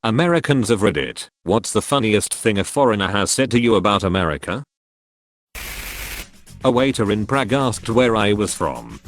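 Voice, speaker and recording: A man with a fairly low voice reads a string of short forum anecdotes aloud. His delivery is steady and scripted, moving evenly from one story to the next. Soft music plays quietly underneath. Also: normal speed, no echo. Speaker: narrator. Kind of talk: scripted narration of online stories.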